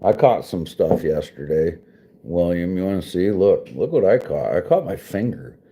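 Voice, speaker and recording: A man's voice: low voice, lively intonation, moderate pace, warm tone. A man with a wife and kids chatting casually to his stream viewers, rambling and swearing, laughing often. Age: adult with wife and kids. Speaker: vlogger and livestreamer talking to viewers. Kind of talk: casual chat.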